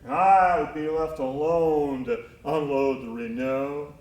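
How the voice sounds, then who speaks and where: Guy doing a one-man stage monologue, kinda high voice, reflective, echoey theater. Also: steady tone, slow, darkish tone. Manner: reflective storytelling, tender and wry. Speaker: solo stage performer. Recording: echoey live theater recording.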